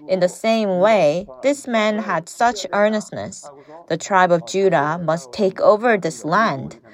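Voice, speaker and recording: A woman preaching an earnest sermon who puts questions to her listeners. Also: on the low side.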